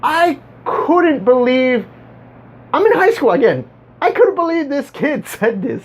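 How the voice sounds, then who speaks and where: In a dull lo-fi recording, a vlogger with a high-pitched, sing-song voice delivers a casual monologue rant to viewers at a measured pace. The talk rambles, stumbles over repeated words and carries a sarcastic edge.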